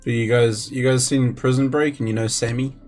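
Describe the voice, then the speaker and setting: A man's voice: mid-range voice, fairly even intonation, fairly quick, a little mellow. A man streaming a game live, chatting casually with viewers between moves and chuckling now and then. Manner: chatty, chuckles, talks to viewers while playing.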